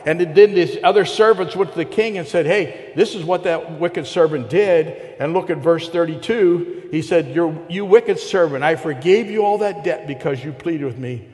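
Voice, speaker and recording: A man's voice: a little high, normal speed, hardly any pauses, a little mellow. A man preaching a sermon to a congregation, retelling a parable and putting rhetorical questions to his listeners. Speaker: pastor. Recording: long hall reverb.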